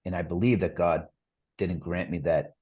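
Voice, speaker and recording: A man's voice: sits low, steady tone, moderate pace, mellow, husky, lo-fi sound. A middle-aged man, a podcast guest, telling his story earnestly in a rambling casual way with lots of fillers and restarts.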